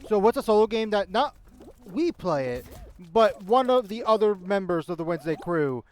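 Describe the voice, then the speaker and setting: A man chatting with friends on a livestream, playful and quick to ask for clarification. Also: high voice, big pitch swings, a little mellow. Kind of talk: casual chat among friends on a livestream.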